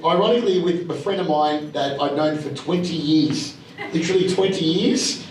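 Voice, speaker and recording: A man's voice: a little high, moderate pace, darkish tone. Chatty Australian man in a roomy hall. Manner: blunt and chatty, with many fillers and voiced quotes. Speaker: speaker at an investor evening. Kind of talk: casual storytelling talk to an audience. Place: large room at a live event. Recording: roomy echo, speaker heard from some distance, faint background hum.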